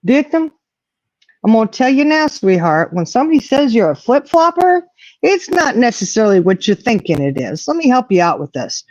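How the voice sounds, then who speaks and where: A woman's voice: on the high side, sing-song, moderate pace, darkish tone, no room sound. An older woman, a grandmother, hosting a casual chat in a folksy way, often saying "you know". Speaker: host. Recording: dull lo-fi audio.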